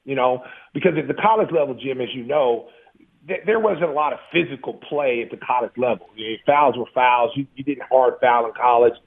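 Gravelly man telling wild stories by phone. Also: medium pitch, fairly quick. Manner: animated, profane anecdote telling with frequent laughs. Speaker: guest, former pro basketball player. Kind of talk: casual storytelling interview. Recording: phone-like narrow line.

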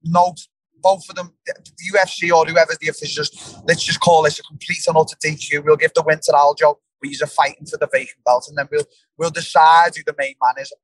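A blunt young English man talks casually in an interview, full of restarts, fillers and swearing. His voice sits slightly high for a man, and it sounds close and dry with little room to it. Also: steady tone, quick pace, no echo, rough recording. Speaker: fighter, guest.

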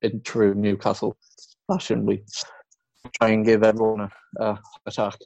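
A tired man talking as a guest on a casual sports podcast, rambling and halting. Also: fairly low pitch, completely flat delivery, vocal fry, darkish tone, low-quality recording.

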